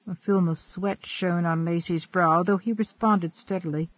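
A man reading an audiobook in a steady, even style of scripted narration. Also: high voice, unhurried, hardly any pauses, no echo. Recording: dry, dull lo-fi.

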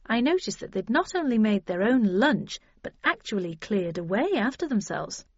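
A woman's voice: medium pitch, sing-song, moderate pace, husky, no echo, dull audio. A woman reading a first-person story aloud, in a dry, wry manner. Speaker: audiobook narrator. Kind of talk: scripted first-person narration.

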